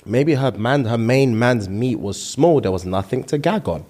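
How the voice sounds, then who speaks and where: Laughing, animated male podcast co-host. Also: mid-range voice, moderate pace. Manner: animated, reads comments aloud and laughs often. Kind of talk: casual chat.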